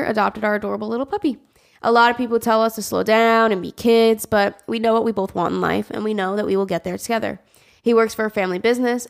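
Gravelly-voiced young woman podcast host. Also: medium pitch. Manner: laughs a lot, swears casually. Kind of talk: casual chat, reading a listener letter.

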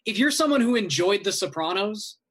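Bright, higher-voiced man musing casually. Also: animated, brisk. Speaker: podcast co-host. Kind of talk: casual chat.

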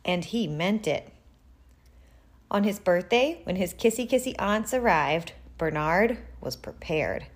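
A woman reading a picture book aloud to children in a deliberate, expressive way. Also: fairly low pitch. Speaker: reader.

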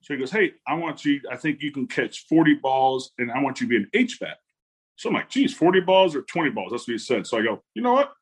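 Speaking in a mid-range voice with lively intonation, a bit fast and slightly breathy, a forties-aged ex-football player shares stories as an interview guest. The talk is casual; he acts out quotes animatedly and laughs a lot.

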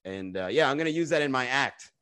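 A man's voice: medium pitch, animated, fast talker, pushed and bright, clean tone. A man who hosts a comedy livestream, rambling and teasing viewers in the chat with profane jokes, recorded on a phone. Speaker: stand-up comedian and livestream host. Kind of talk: casual livestream chat and roasting.

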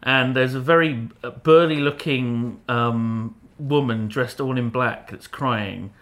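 A man's voice: mid-range voice, fairly bright tone. A man co-hosting a casual chat, joking around and swearing freely. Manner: joking, profane, quick to laugh.

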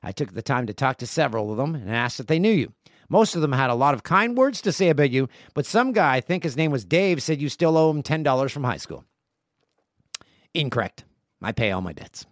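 A man's voice: medium pitch, very animated, a little fast, no room sound, clean studio sound. A man in his forties hosting a casual solo podcast, reading listener emails aloud with jokey asides. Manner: chatty, jokey asides while reading mail. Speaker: podcast host.

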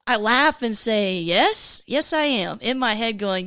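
A young woman with a slightly high voice hosts a faith podcast in a relaxed, animated way. She laughs often and jumps into little stories. The sound is close and dry, with no room echo. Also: unhurried. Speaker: podcast host.

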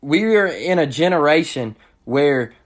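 A man's voice: on the high side, lively intonation, measured pace. A man hosting his own sports show, giving frustrated, ranting commentary and often repeating himself. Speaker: sports podcast host.

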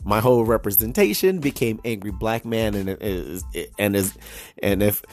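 A man's voice: on the low side, moderate pace, soft background music. A young adult man hosting a podcast, telling a story casually, laughing often and restarting his sentences. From United States. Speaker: podcast host.

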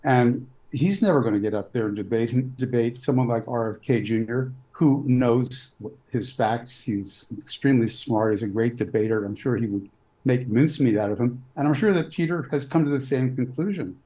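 In an interview, a physician guest in his sixties from New York answers questions with measured, blunt opinions. His voice is mid-range with a dark tone, and the recording is rough.

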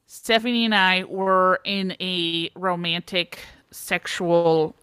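A woman's voice: fairly low pitch, flat delivery, slow, sharp tone, clean tone. A woman voicing a flustered, rambling man with a Minnesota accent, hesitating with lots of ums and uhs. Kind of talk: comedic impression in a podcast.

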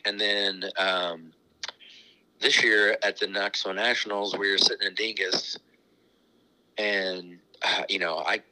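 Man, middle-aged, very bright tone, lowish pitch, chuckles through casual rambling stories. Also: rough recording. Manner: rambling, chuckling anecdotes with many restarts. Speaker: racetrack owner guest. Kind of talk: casual storytelling interview.

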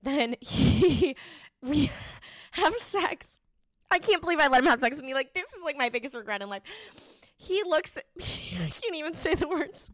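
A young woman co-hosting a podcast, telling a story in a lively, casual chat, laughing and swearing freely. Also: sits high, moderate pace, dry recording, clean studio sound. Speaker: podcast co-host.

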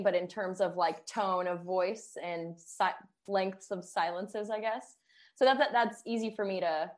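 A woman with a mid-pitched voice co-hosts a podcast in relaxed chat. She talks quickly, laughs often, and asks her guest questions. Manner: chatty, laughs easily, quick. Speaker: podcast host, personal trainer. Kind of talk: casual chat.

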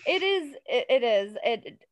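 A chatty woman in her thirties co-hosts a casual podcast, leaning on emphatic repeats as she drifts off topic. Her voice sits a little high. The sound is close and dry, with no room around it. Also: very animated, a little slow, dry recording. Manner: chatty, wanders onto tangents, emphatic repeats. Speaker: podcast co-host. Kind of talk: casual true-crime podcast chat.

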